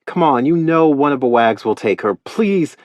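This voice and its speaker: A man playing a fretful man begging a friend for a favour, his pleas pushing higher than the narrator's own low voice. The sound stays dry and close, as in a studio audiobook. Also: animated, normal speed, dry recording, muffled recording, lightly acted. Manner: pleading, fretful. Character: worried man on the phone, frantic partner.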